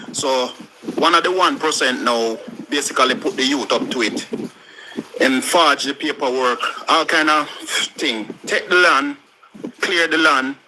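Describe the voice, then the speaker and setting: A man's voice: mid-range voice, bright, forceful tone, slight background noise, low-quality recording. A man with a Jamaican accent, a caller on a live stream, talking casually in patois. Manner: talks in patois, recounting at length. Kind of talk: casual chat.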